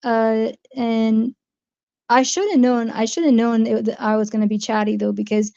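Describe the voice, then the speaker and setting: A woman's voice: on the high side, steady tone, moderate pace, vocal fry, mellow, lo-fi sound. A woman with a New Jersey accent, chatting casually on her livestream, rambling and answering viewer comments. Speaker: livestream host.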